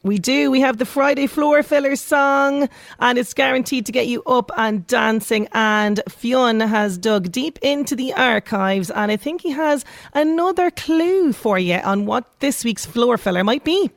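A woman's voice: a little high, unhurried, vocal fry, no echo, studio quality. Chatty Irish woman radio presenter. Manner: chatty, upbeat, reads out listener messages. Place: outside broadcast at a local venue.

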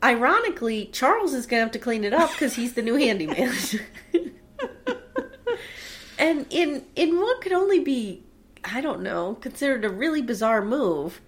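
A woman casually co-hosting a podcast, recapping a TV episode with animated storytelling and acted-out quotes. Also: a little high, moderate pace. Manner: animated storytelling, acts out quotes, laughs often. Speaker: podcast co-host recapping a TV show. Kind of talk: casual chat.

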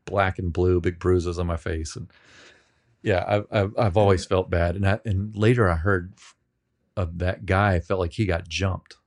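A man being interviewed on a podcast, telling rambling, self-deprecating stories with many halting restarts. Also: low-pitched, steady tone. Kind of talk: casual storytelling.

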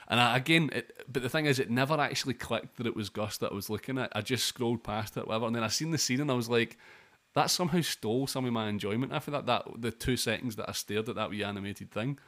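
A man's voice: medium pitch, fast talker, hardly any pauses, a bit bright. A young man co-hosting a podcast, rambling and swearing through casual film talk. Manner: rambling, sweary, lots of restarts. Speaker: podcast co-host.

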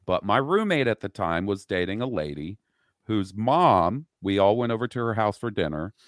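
A man's voice: on the low side, sing-song, normal speed, no echo, studio quality. A man co-hosting a casual podcast, telling a story in a laid-back way with asides. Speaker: podcast co-host.

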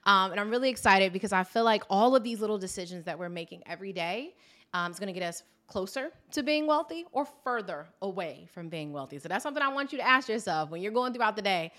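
A woman's voice: medium pitch, animated, fast, a bit bright. A woman who runs her own business, a guest in a podcast interview, talking earnestly and often repeating words and laughing. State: tearful, emotional. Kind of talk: casual interview conversation.

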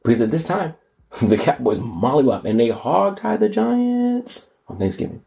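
Animated man riffing on the news. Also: moderate pace, vocal fry. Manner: animated, slangy, jumps into high mocking voices. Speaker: podcast host. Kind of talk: casual comedic commentary.

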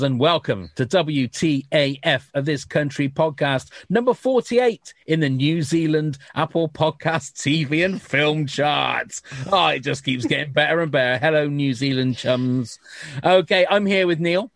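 A man's voice: fairly high pitch, no room sound, clean studio sound. A man hosting a casual podcast chat, joking and reading out listener scores. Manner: jokey, reads listener scores briskly. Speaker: podcast host.

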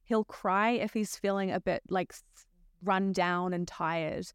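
Smooth-voiced woman breathwork teacher, reflective podcast guest, dry close sound. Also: lowish voice, steady tone, unhurried, no room sound. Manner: reflective, speaks in flowing stories. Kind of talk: casual conversation.

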